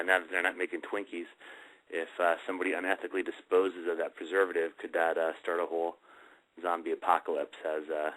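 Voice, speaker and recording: A man's voice: sits low, pushed and bright, poor audio. A man hosting a paranormal radio talk show, speaking casually with many fillers as he rambles.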